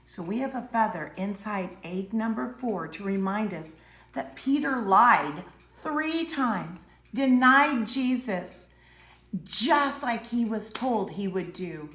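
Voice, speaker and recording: A woman teaching preschoolers, telling a Bible story with dramatic voices and hushed moments. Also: mid-range voice, expressive, slow, reverberant. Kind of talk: Bible story lesson for young children.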